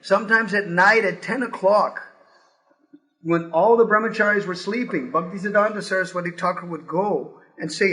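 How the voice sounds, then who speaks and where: High, bright-voiced man telling stories. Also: moderate pace, poor audio. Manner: animated, acts out voices in his stories. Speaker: spiritual teacher. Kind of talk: storytelling talk with live translation.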